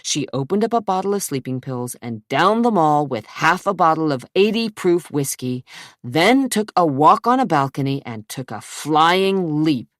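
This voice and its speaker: Brief: woman voicing a harsh, bitter male lead, low and clipped. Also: expressive, moderate pace, no room sound, studio quality. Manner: curt, sarcastic and clipped. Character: brooding, sarcastic young man, harsh and bitter.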